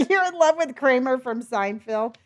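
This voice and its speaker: A woman's voice: high-pitched, animated, a little slow, darkish tone. A middle-aged woman livestreaming a game, chatting casually and rambling as she reads her chat and laughs often. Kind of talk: casual chat while gaming.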